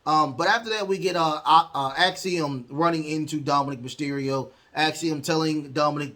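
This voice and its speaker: A man's voice: on the high side, normal speed, hardly any pauses, sharp tone. A man hosting a podcast, recapping wrestling matches in a rambling way with lots of ums and uhs. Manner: rambling, heavy fillers, acts out quotes. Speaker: podcast host.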